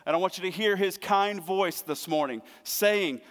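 A middle-aged man delivers an earnest sermon, dropping to a hushed tone and then building to emphatic, raised lines. His voice sits a little high for a man. The sound carries the long reverb of a large church hall. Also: normal speed, few pauses. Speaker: pastor. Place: church sanctuary.

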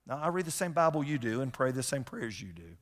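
Middle-aged man, pastor in mid-sermon, emphatic storyteller, mid-pitched voice, long church reverb. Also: very animated, fast talker, a bit bright. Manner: emphatic, repeats key phrases, tells personal stories. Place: large church sanctuary. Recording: long hall reverb from sanctuary.

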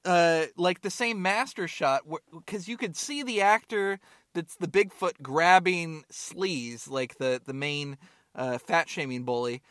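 Man, podcast co-host; high, dry-sounding voice, rambling and jokey. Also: measured pace, fairly bright tone, no room sound. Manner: joking and rambling, swears freely. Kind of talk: casual chat.

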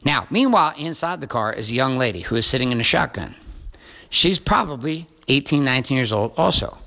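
A man hosting a podcast, telling a story in a lively, profane monologue. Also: medium pitch, brisk, vocal fry. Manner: profane, animated retelling with acted quotes. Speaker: podcast host.

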